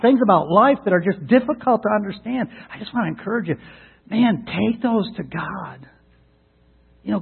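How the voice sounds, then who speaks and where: Male pastor, husky, higher register, earnest sermon delivery with restarts; phone-thin radio sound. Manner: earnest, repeats words when starting a thought. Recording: tinny narrowband radio broadcast.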